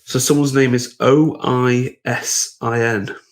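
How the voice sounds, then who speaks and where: A man's voice: medium pitch, steady tone, slow pace. A man co-hosting a podcast, teasing and contradicting the others in casual banter. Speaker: podcast co-host.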